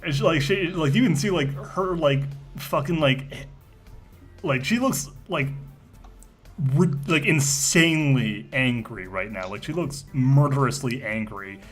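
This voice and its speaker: Halting male game master narrating. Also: mid-range voice, expressive, soft background music. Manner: halting, full of fillers and restarts.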